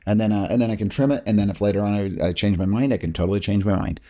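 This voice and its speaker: A man talking through video editing steps in a casual software tutorial, explaining each click as he goes. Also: lowish voice, fairly even intonation, very fast. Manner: casual, talks through each step while working. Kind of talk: screen-recorded software tutorial.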